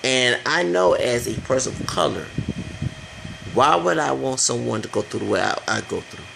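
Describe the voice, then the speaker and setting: A man's voice: mid-range voice, animated, normal speed, gravelly, bright, forceful tone, slight background noise, rough recording. A man giving a rambling, blunt opinion rant for his vlog, swearing freely as he goes. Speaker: vlogger.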